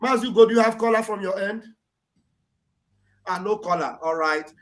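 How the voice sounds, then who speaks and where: A man's voice: high voice, normal speed. A man hosting a call-in program, courteous, calling on speakers in turn and repeating phrases. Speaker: host.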